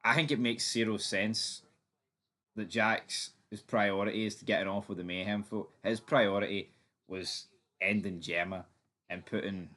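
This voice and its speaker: A man's voice: on the low side, steady tone, measured pace, a bit bright. A man hosting a fan theory channel, giving his opinion in a chatty, emphatic way with some swearing. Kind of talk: casual opinion commentary.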